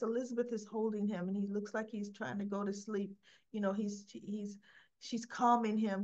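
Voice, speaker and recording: Chatty woman recapping a soap, lo-fi. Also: mid-range voice. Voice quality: chatty, acts out quoted lines. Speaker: soap opera recap vlogger. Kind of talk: casual episode recap. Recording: slightly dull lo-fi recording.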